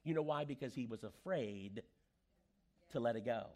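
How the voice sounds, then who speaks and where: A pastor with a mid-range voice delivers a sermon at normal speed. He tells stories with animation, acting out the voices of the people he quotes.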